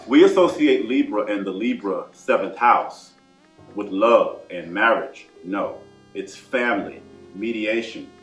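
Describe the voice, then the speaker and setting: A man's voice: fairly low pitch, fairly bright tone, roomy sound. A man hosting an astrology talk, chatty and emphatic, with asides and fillers. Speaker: astrology channel host. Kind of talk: casual astrology talk to camera.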